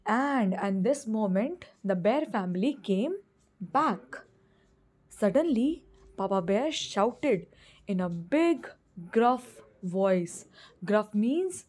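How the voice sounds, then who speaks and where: Slow, mellow woman telling a children's story. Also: medium pitch, lively intonation. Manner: pauses to explain simple words. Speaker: teacher.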